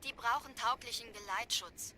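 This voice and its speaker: A woman's voice: a little high, normal speed, lightly acted. A woman playing a commanding female naval captain in a dubbed video game cutscene, giving firm orders. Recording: game audio with battle crowd noise.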